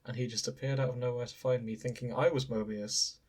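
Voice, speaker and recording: A podcast co-host reads out fanfiction details in loose, casual chat. The delivery is enthusiastic, with frequent giggling and playful banter, at an everyday middle pitch. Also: steady tone, a little fast, darkish tone.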